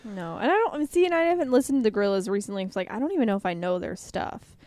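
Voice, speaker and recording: A woman's voice: medium pitch, lively intonation, racing, darkish tone, no echo. A young woman co-hosts a casual podcast, chatty and teasing. She sounds tired and foggy-headed. The sound is dry and close. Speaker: podcast co-host. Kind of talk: casual chat.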